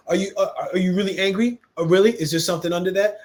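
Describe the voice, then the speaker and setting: A man's voice: high-pitched, fast talker, few pauses. A man hosting a casual podcast conversation, talking animatedly and emphatically and acting out quoted dialogue in shifting voices. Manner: animated, emphatic, calls listener "bro". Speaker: podcast host.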